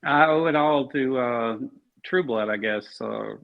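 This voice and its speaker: Heard through dull lo-fi audio, an actor from Alabama gives a casual interview in an unhurried mid-range voice with vocal fry. He speaks comfortably but rambles, stopping and restarting often amid many fillers.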